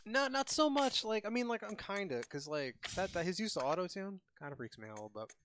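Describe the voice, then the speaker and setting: A man's voice: high voice, sing-song, quick pace, noisy background. A man streaming a video game, chatting casually and rambling with lots of filler words. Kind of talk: casual gaming chat.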